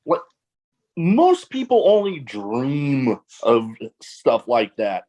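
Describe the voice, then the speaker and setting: A man hosting a podcast in casual chat, reacting excitedly. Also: drawn-out words. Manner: excitable, swooping pitch. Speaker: podcast host.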